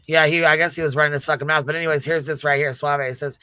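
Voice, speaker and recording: A woman's voice: sits low, flat delivery, a little fast, bright, forceful tone, no echo. A woman hosting a livestream, reacting to a clip with blunt, profane, mocking commentary. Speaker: host.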